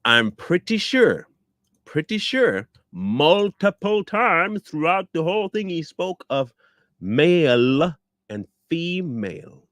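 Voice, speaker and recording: A scornful man delivers commentary with a voice that swoops up and down in pitch. He speaks bluntly, hammers his points with repeated rhetorical questions, and the recording is dry and close. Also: very animated, slow pace, a bit bright, no room sound. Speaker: online commentator. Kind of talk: combative reaction commentary.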